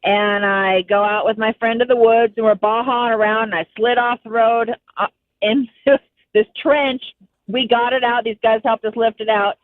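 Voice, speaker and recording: A woman calling in to a radio show who tells an old story in an easygoing, unhurried way. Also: on the high side, steady tone, no echo. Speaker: caller. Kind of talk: call-in storytelling. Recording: dry phone line.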